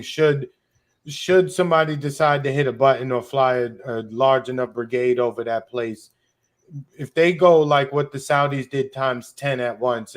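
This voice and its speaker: Blunt, sarcastic male podcast co-host. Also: mid-range voice. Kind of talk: casual political chat.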